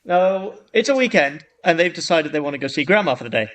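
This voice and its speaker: A man's voice: fairly high pitch, expressive, fast talker, fairly bright tone. A man co-hosting a podcast, telling a long joke in a casual, rambling way with frequent restarts. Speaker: podcast co-host.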